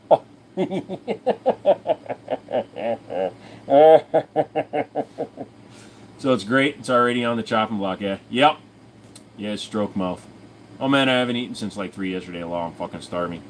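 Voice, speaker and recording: A man's voice: mid-range voice, expressive, a little slow, pauses often. A man hosting a casual livestream from home, answering chat questions in a crude, jokey way and often breaking into silly voices. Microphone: desk microphone.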